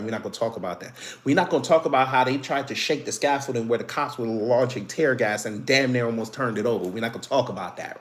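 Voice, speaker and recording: Young guy ranting on a stream, sarcastic, laughs a lot, mid-pitch voice. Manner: animated, sarcastic, laughs often. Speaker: political commentary host. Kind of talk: casual livestream commentary.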